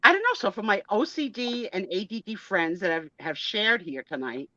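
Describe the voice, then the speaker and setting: A woman's voice: on the low side, sing-song, a little fast, pushed and bright, dry recording, muffled recording. A woman in her sixties, a guest on a casual live video chat, talking in a blunt, joking, self-mocking way. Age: 60s.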